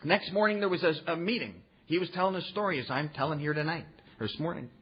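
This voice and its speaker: A man's voice: a little high, fast. Earnest folksy man telling his recovery story. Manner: earnest, folksy, with rhetorical "huh?" asides. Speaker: recovery meeting speaker. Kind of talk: personal storytelling talk to an audience. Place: meeting room before an audience. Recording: muffled recording with faint background noise.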